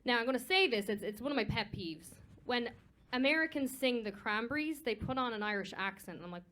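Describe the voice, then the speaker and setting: A woman's voice: a little high, expressive, a little fast, fairly bright tone. A woman judging a live singing competition, joking and blunt, rambling through her critique with frequent restarts. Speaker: competition judge and singing teacher. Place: live performance venue.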